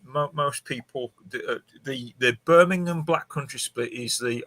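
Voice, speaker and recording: Stammering man, bright dry voice. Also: mid-range voice, no echo. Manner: halting, many restarts and stammers. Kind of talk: casual podcast chat.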